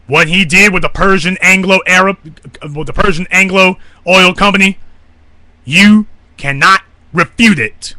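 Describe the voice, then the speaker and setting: Brief: male commentator, hard-edged bright voice, dry close sound, combative rant. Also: high-pitched, a little slow, dry recording. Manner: forceful, confrontational ranting. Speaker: online commentator. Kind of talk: monologue broadcast.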